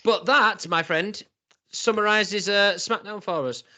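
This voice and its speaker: A man hosting a laid-back podcast chat. His voice sits a little high and sounds very bright and forceful. He talks in a chatty way, laughs a lot, and acts out little quoted voices. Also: a little slow. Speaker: podcast host. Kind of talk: casual wrestling podcast chat.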